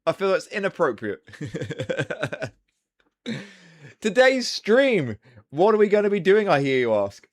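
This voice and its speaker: A man's voice: on the high side, big pitch swings, normal speed, long pauses. Chatty man streaming live. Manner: chatty, rambling, swears casually. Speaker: livestream host. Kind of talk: casual live-stream chat.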